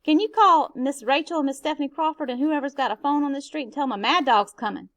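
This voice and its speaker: A woman's voice: sits high, fast talker, a bit bright, voice pushed up. A woman reading a novel aloud, giving a stern middle-aged housekeeper a raised, scolding voice. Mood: urgent.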